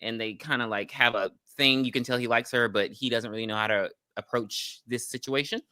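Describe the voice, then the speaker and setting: A woman co-hosting a podcast, recapping a horror movie in casual chat, animated and blunt with frequent ums. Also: rumbling low, brisk, dry recording, studio quality. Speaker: podcast co-host.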